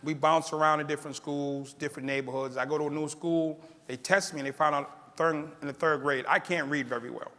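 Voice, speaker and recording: A man's voice: on the high side, brisk, hardly any pauses. A middle-aged man telling a personal story to an audience, acting out the people in it and laughing at his own lines. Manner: animated, acts out quoted voices. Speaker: keynote speaker. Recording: long hall reverb.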